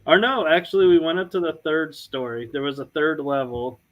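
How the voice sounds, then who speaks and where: A man's voice: a little high, fairly quick, highs cut off. A man from the US, a paranormal investigator and podcast co-host, telling an anecdote in casual chat and acting out the quoted dialogue.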